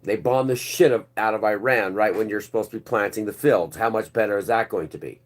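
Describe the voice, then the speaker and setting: A man's voice: lowish voice, brisk. A man hosting his own online news channel, ranting casually and sarcastically, rambling and swearing freely.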